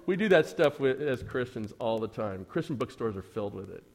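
A man's voice: medium pitch, brisk, few pauses, darkish tone. A man preaching a Sunday sermon in a church, conversational and joking, with dry sarcasm and frequent rhetorical questions to the congregation. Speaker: pastor.

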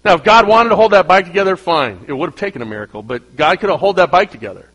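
A middle-aged pastor delivers his sermon in a voice pitched a little high for a man. He moves from loud, emphatic lines to soft, confiding asides without warning. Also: expressive, quick pace, slightly rough, poor audio. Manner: dynamic, swings between loud emphasis and quiet asides.

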